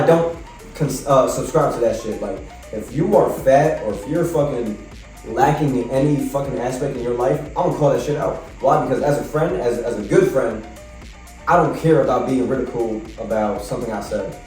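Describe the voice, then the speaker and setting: A man's voice: mid-range voice, darkish tone. A man hosting a podcast, talking bluntly and emphatically with plenty of swearing. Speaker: podcast host. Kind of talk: casual podcast chat. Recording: echoey room, mic far off, faint music.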